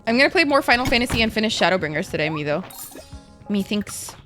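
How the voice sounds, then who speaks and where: A woman's voice: mid-range voice, big pitch swings, quick pace, music in the background. A woman streamer chatting casually while gaming, rambling and emotional, with lots of "like" and swearing.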